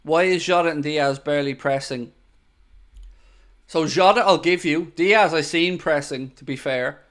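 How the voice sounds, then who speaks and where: A man's voice: on the high side, measured pace, fairly bright tone. A man hosting a live football watchalong, chatting casually, thanking viewers and giving tactical opinions. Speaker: football channel host.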